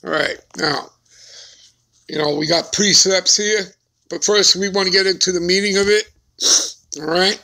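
Male preacher, scripture teaching, emphatic, constant check-in questions, high and bright. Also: steady tone, moderate pace, gravelly, long pauses. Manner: emphatic, keeps asking "all right?" and "okay?".

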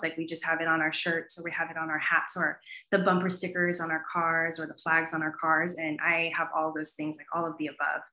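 A woman talking as an academic guest in an animated interview, with plenty of fillers. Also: on the low side. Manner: animated, many fillers like "you know". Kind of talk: conversational interview answer. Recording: roomy echo.

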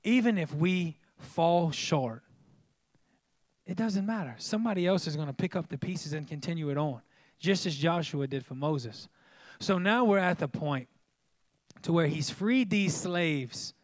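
A man preaching a sermon in church in a lively, joking way, with sudden loud exclamations. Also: on the high side, unhurried, no echo, clean studio sound. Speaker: pastor.

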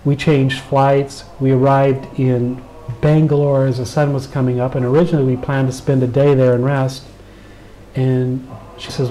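A man's voice: mid-range voice, normal speed, slight background noise, rough recording. A middle-aged American man with a Southern accent, earnestly telling a personal story in an interview and acting out the dialogue. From United States. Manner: earnest, animated retelling with quoted dialogue. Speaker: interview guest.

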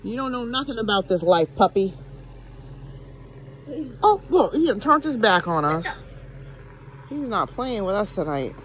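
A woman's voice: mid-range voice, sing-song, measured pace, pauses often, a little hiss or hum. A woman, scolding her dogs in a playful, exasperated way at bedtime at home. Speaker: pet owner. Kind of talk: home video vlog.

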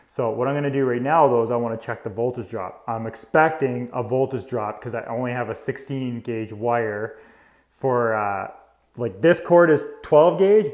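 A man's voice: medium pitch, darkish tone. A man, an electrician giving a casual, chatty tool demonstration indoors in an old house and explaining each step.

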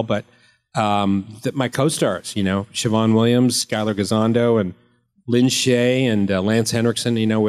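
A man in his fifties, an actor at a convention panel, answering fan questions with rambling, joking anecdotes. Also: fairly low pitch.

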